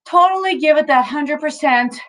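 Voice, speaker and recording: A woman's voice: high voice, moderate pace, fairly bright tone. A woman leading a mindfulness session in a casual, upbeat, chatty way, with lots of fillers and restarts, at times out of breath. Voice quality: chatty, upbeat, self-interrupting with many fillers. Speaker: mindfulness instructor.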